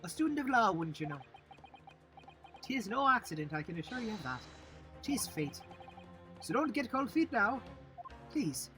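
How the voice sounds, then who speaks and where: A man's voice: high voice, big pitch swings, normal speed, pauses often, pitched above the performer's own voice, heavily acted. A man putting on a brash lilting accused man. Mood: pleading. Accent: put-on Irish-Scottish lilt. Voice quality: loud, brash, bossy. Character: brash Irish-sounding man on trial, pushy. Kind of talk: reading game dialogue aloud. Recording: game music behind.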